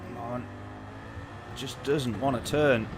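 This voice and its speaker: Male streamer, mid pitch, casual rant with loud bursts. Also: steady tone, slow, noisy background. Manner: ranting, exasperated storytelling with sudden loud outbursts. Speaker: sim-racing streamer. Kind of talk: casual live-stream chat.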